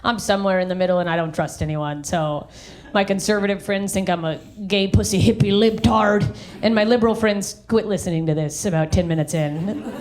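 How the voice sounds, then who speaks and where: A woman's voice: medium pitch, brisk. A woman from the American South doing a brash, profane stand-up set into a handheld mic on stage. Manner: brash, profane, animated storytelling. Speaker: stand-up comedian. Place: theater stage.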